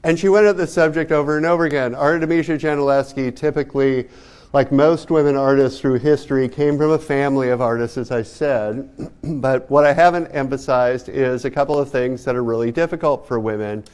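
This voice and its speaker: A man's voice: mid-range voice, steady tone, a little fast, darkish tone, clean tone. A man giving a casual art history lecture, talking to students and asking them many rhetorical questions. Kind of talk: classroom lecture.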